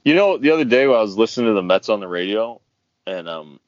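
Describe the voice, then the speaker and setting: Low male co-host, self-mocking and rambling, muffled dry lo-fi sound. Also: animated, fast talker, no echo. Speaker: podcast co-host. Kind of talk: casual chat. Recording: dull lo-fi dry recording.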